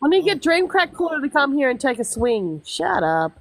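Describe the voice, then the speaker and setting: A high-pitched Australian woman talks fast with lively intonation while guesting on a livestream, chatting casually and telling rambling stories peppered with blunt, swearing asides. She speaks into a phone mic, with no room sound.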